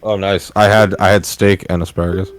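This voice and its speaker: A man's voice: low-pitched, level tone, fairly quick, a little hiss or hum. A young man in casual chat as a stream co-host, joking and self-deprecating, laughing often.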